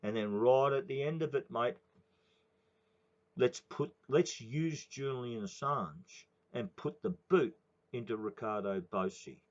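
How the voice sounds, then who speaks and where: A man's voice: medium pitch, a little slow. An older man with an Australian accent rants in a profane, rambling monologue, tacking "mate" onto nearly every sentence. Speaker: political commentator. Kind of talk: ranting monologue. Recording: dull lo-fi recording.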